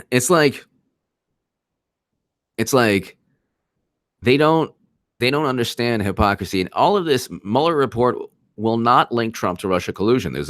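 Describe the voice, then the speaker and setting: A man's voice: medium pitch, fairly bright tone, dry recording, studio quality. A man hosting a casual political commentary livestream, rambling, mocking, and reading out chat. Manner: laughs while reading chat. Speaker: livestream host.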